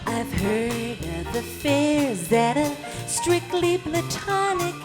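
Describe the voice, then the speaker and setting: A woman doing a live cabaret singing impression of a glamorous 1950s screen siren, breathy and coquettish. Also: sits high, lively intonation, slow pace, loud music behind the voice. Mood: flirtatious.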